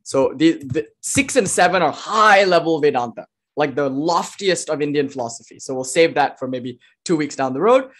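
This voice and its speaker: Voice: mid-range voice, lively intonation, normal speed, hardly any pauses. A lecturer giving an informal philosophy talk, explaining ideas step by step with fillers and light laughter.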